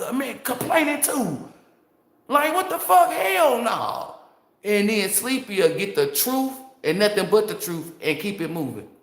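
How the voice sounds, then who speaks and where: A woman tarot reader talking straight to her viewers in a blunt, profane, fired-up unscripted monologue. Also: medium pitch. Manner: blunt, profane, fired-up storytelling with rhetorical asides. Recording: roomy echo.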